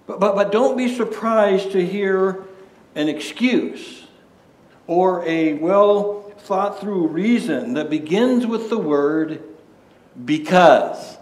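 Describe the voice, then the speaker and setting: A male pastor delivers a sermon in an unhurried, conversational way, stacking rhetorical questions and stumbling into restarts. His voice sits a little high. The room around him rings with echo. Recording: echoey room.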